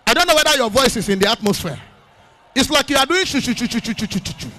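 A man preaching a sermon, swinging from low spoken phrases to shouted, chanted lines and prayer in tongues. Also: lively intonation, quick pace, a little hiss or hum. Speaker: pastor. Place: church meeting at a camp.

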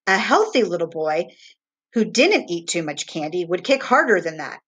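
A woman voicing a tall, thin, bald male doctor who speaks slowly and reprovingly. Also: on the low side, sing-song, a bit bright, husky, full character voice.

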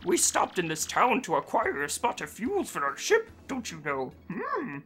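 A man voicing a fussy old male toad steward with a put-on British accent, speaking slowly and humming between lines. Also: sits high, huge pitch swings, fairly bright tone, full character voice. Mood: puzzled. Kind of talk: casual game voice-over.

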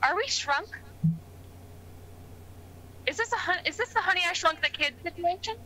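A woman's voice: very high-pitched, lively intonation, normal speed, pushed and bright, slight background noise, low-quality recording. A woman playing a tabletop game, asking curious questions. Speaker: player.

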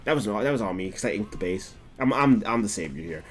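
A young man streaming a game, chatting casually, swearing often and breaking into laughter and excited outbursts. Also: fairly low pitch, quick pace. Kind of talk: casual gameplay commentary.

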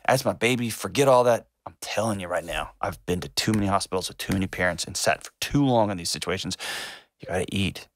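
A man's voice: sits low, fast, slight background noise. A man hosting a call-in advice show, speaking earnestly and emphatically and repeating phrases for stress. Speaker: host.

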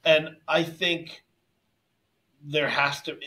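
A man's voice: on the high side, level tone, very slow, pushed and bright, low-quality recording. A man co-hosting a martial arts podcast, agreeing readily and telling anecdotes from his own classes. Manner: agreeable, tells anecdotes from teaching. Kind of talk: casual podcast conversation.

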